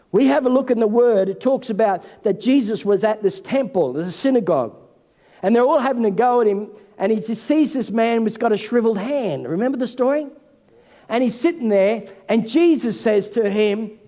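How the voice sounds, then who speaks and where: A man, senior pastor, preaching a sermon in an animated way and acting out the voices of figures from scripture. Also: sits high, moderate pace. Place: church hall. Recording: long hall reverb.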